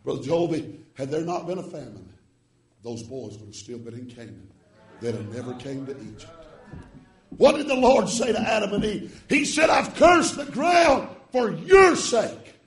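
A man preaching a revival sermon, swinging from hushed tones to chanted shouts with rhythmic "uh" breaths. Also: on the high side, big pitch swings, moderate pace, echoey room, recorded from a distance.

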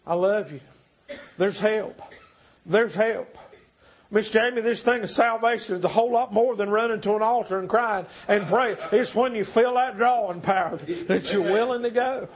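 A male preacher delivering a revival sermon, swinging from shouts to hushed pleading. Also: high voice, moderate pace. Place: church.

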